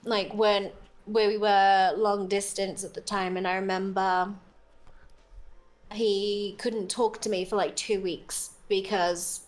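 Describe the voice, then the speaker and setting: A woman's voice: mid-range voice, little pitch movement, slow pace. An Australian woman chatting casually as a guest, giggly and full of "like" fillers. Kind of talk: casual chat.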